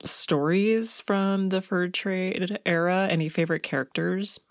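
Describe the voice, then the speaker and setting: Female interviewer, low-ish voice, curious and encouraging, dry room. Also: fairly even intonation, unhurried, no echo. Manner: curious, encouraging, laughs along. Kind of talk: interview questions.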